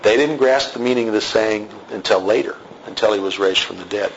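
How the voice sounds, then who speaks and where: A man's voice: on the low side, fairly quick, lo-fi sound, slight background noise. A man teaching through a Bible passage verse by verse, in a conversational way, with asides and self-corrections.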